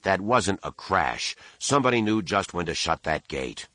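Man reading a gruff, cocky smuggler. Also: low voice, sing-song, normal speed, fairly bright tone, dry recording.

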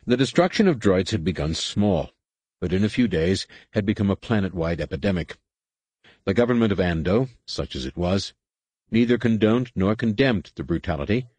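A male narrator reads a science-fiction novel in a measured, steady way. His voice sits on the low side, and the recording is dry, with no room sound. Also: no room sound. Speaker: audiobook narrator. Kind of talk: scripted narration.

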